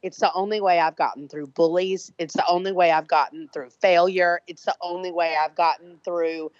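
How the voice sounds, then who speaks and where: A woman's voice: lowish voice, steady tone, normal speed, no echo. A woman artist being interviewed, talking in a brash, emphatic, profane way. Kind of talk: casual conversational interview. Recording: dull lo-fi dry sound.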